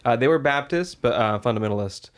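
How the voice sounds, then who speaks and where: A man's voice: medium pitch, animated, fast talker. A man co-hosting a comedy podcast, telling a story in a rambling, jokey way with plenty of filler words. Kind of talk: casual comedic podcast chat.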